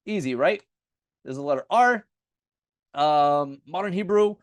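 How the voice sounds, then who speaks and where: An American man teaching the alphabet in a relaxed lesson, saying each letter name aloud again and again as he writes it. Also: fairly high pitch, moderate pace, long pauses, no echo, clean studio sound. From United States. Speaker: Bible and Hebrew teacher.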